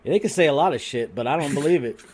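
A man telling a story on a podcast in a crude, rambling and animated way, restarting his sentences often. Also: on the high side, racing, husky. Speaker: podcast co-host. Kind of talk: casual comedic storytelling.

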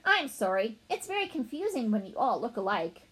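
A woman's voice: a little high, very animated, fairly quick, a bit bright, low-quality recording. A woman voicing a kindly male school principal in a children's storybook, speaking earnestly and politely.

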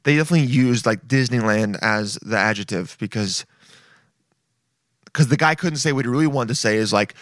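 A man's voice: mid-range voice, fairly quick, no echo, studio quality. A young man hosting a casual comedy podcast, crude and mocking, often slipping into silly voices. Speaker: podcast host.

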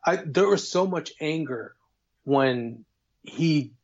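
A man co-hosting a podcast, chatting casually and profanely about a movie and excitedly acting out scenes. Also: a little high, slow, highs cut off. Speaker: podcast co-host. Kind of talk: casual movie review chat.

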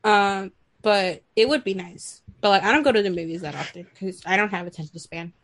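A woman's voice: medium pitch, fairly quick, no echo. A young woman from Houston chats loosely on a podcast, swearing freely and drifting between tangents. Her voice sits in a middle range. The sound is dry and close to the mic. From Houston, Texas. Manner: rambling, profane, chatty. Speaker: podcast co-host. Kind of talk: casual chat.

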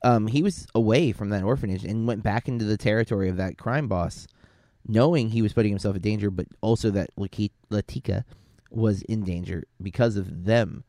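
A man's voice: fairly low pitch, brisk, warm tone, dry recording, studio quality. A man co-hosting a podcast, talking through a film in a casual, rambling way, often correcting himself and using fillers. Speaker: podcast co-host.

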